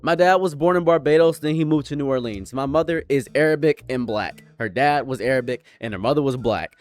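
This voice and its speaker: A man with an American accent and a slight foreign tang, doing casual commentary and repeating his points with emphasis. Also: fairly high pitch. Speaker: commentary YouTuber.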